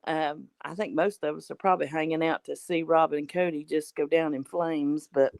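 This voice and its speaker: A woman calls in to a talk show and chats casually. She rambles and tacks loose fillers onto the ends of her sentences. Her voice sits low for a woman, and the sound is dry. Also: steady tone, normal speed, gravelly, darkish tone, no room sound. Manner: rambling, trails off with "kind of thing and stuff". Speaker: regular caller. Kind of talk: casual chat.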